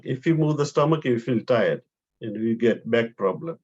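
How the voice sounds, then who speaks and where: A man leads a guided breathing and acupressure class, talking through each step calmly and counting out the breaths. His voice sits at a middling pitch. The recording sounds dull and lo-fi. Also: moderate pace. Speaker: therapy instructor.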